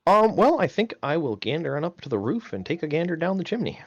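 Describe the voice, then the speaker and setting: A man's voice: on the high side, sing-song, fast, dry recording, muffled recording. A man playing a tabletop game on a live stream, thinking aloud with many questions and ums. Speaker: player.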